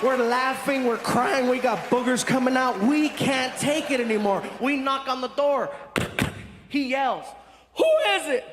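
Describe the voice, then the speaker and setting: A man telling a stand-up story on stage, acting out voices with loud, animated delivery. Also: very high-pitched, a little slow, background noise. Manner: animated, shouting impressions, big laughs. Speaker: stand-up comedian. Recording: live show in a big hall, loud crowd. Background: audience laughter.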